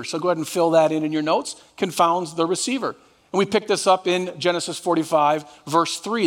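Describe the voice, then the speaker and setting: A man's voice: sits high, a bit bright, long reverb tail. A man preaching a sermon as pastor, drawing the congregation into call and response. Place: church sanctuary.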